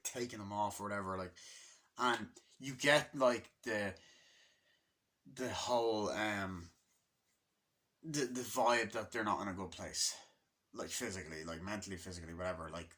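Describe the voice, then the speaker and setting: A man's voice: on the low side, pushed and bright. A man giving a casual, rambling movie review, swearing freely and loosely chatty.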